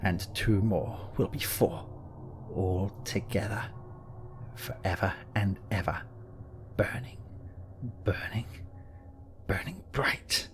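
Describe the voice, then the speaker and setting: A man voicing a hateful, dying old aristocrat who speaks slowly and low, sinking into a whisper. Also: gravelly, background noise. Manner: slow, low, whispering menace.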